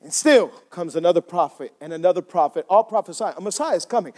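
A man preaching a sermon in a church as pastor, with an impassioned delivery that climbs high when he voices cries to God. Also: fast, few pauses, a little mellow.

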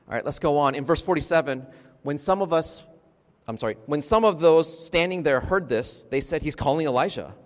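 A man preaching a sermon in a conversational way, checking in with his congregation and restarting his sentences as he goes. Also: mid-range voice. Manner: conversational, frequent restarts and "right?" asides to the congregation. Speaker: pastor. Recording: long reverb of a large hall.

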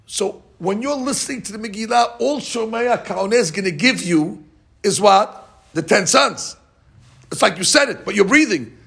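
A man teaching a lively religious text class, asking his students questions and reading passages out quickly. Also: high voice, creaky, husky. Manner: animated, questioning the class, reads Hebrew text fast. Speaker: rabbi teaching a Talmud class. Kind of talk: Talmudic lesson, mixing English and Hebrew.

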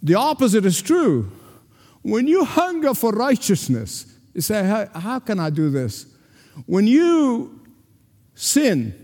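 A male pastor preaching a sermon with emphatic delivery and dramatic pauses. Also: sits high, darkish tone. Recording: long hall reverb.

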